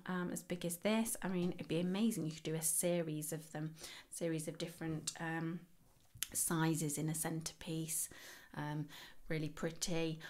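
Woman, low pitch, casual tutorial host, chatty, rambling, self-mocking asides.

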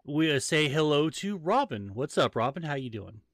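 A man's voice: a little high, very animated, normal speed, noisy background. A man hosting a podcast in casual chat, ranting and joking with heavy swearing. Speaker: podcast host.

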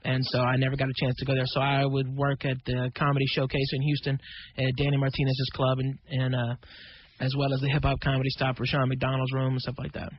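A man, a stand-up comedian, telling rambling, animated stories as a radio guest. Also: mid-range voice, fast talker. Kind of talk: anecdotal storytelling. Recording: muffled radio broadcast with faint noise.

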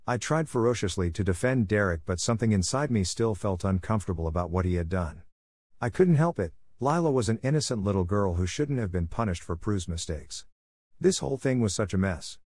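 A man narrating horror stories from an online forum in a steady, even reading. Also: lowish voice, a little fast, dry recording, studio quality. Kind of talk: scripted narration.

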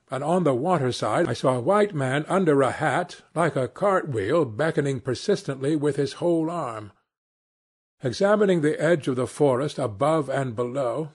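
Husky male audiobook narrator. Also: medium pitch.

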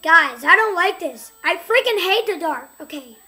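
A woman's voice: extremely high pitch, expressive, normal speed, hardly any pauses, bright, forceful tone. A young woman hosting a gaming channel, giving jumpy horror let's play commentary, shrieking and laughing at scares.

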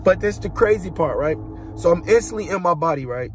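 A young man with a high voice tells his story as a heartfelt testimony. He speaks casually and dramatically, mimicking booming noises as he goes. An instrumental track plays clearly behind him. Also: animated, brisk. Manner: dramatic, colloquial, imitates booming sounds. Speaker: vlogger giving a testimony. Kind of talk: emotional personal testimony. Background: instrumental music.

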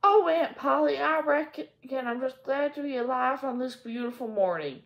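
A woman's voice: high-pitched, normal speed, gravelly, muffled recording, pitched above the performer's own voice. A woman voicing a cheerful, eager young girl who gushes as she talks. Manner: bubbly, gushing. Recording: echoey room.

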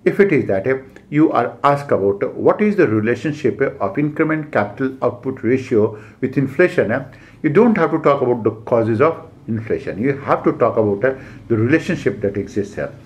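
A man with an Indian English accent lecturing as an exam coach, giving numbered points with frequent "uh" pauses and repeated key phrases. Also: mid-range voice, expressive, a little mellow, highs cut off. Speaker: civil service exam coach. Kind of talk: classroom lecture.

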